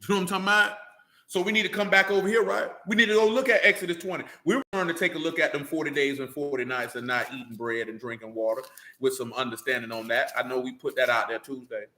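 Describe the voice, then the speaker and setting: A man's voice: mid-range voice, steady tone, quick pace, sharp tone, reverberant. A man preaching a blunt, slang-filled sermon, often asking rhetorical questions of his listeners. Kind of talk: street-style sermon.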